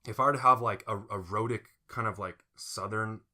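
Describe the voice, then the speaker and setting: A man's voice: on the low side, brisk, sharp tone. A man co-hosting a podcast in casual chat who explains things patiently and laughs often. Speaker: podcast co-host.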